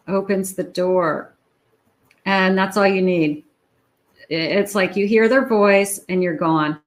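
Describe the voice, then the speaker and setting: A woman giving a tarot love reading, talking slowly and musingly to her viewers. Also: on the low side, poor audio. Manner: slow, musing, talks to the viewer. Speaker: tarot reader.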